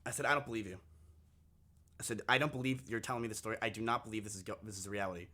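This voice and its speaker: A man's voice: on the low side, fairly even intonation, rapid-fire, bright, forceful tone. A man streaming live, telling a long personal story to his chat in a crude, candid, casual way, often repeating himself.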